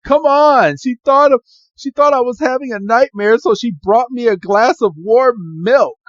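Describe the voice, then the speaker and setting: A man's voice: extremely high pitch, moderate pace, no echo, highs cut off, pitched above the performer's own voice. A man voicing an exasperated young man in a live-action monster film, protesting in a raised, flustered voice.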